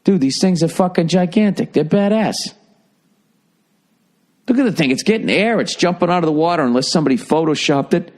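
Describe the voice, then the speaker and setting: A man's voice: fairly high pitch, lively intonation, a little fast. Profane rambling male podcast host. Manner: profane, riffing, thinking out loud. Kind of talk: rambling solo podcast monologue.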